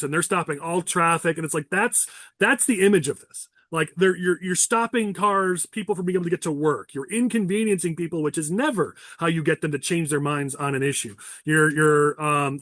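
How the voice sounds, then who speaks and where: A man's voice: a little high, a bit bright, no room sound, clean studio sound. A man hosting a political talk podcast, speaking bluntly and with opinion, now and then restarting his sentences. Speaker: podcast host. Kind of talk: casual political chat.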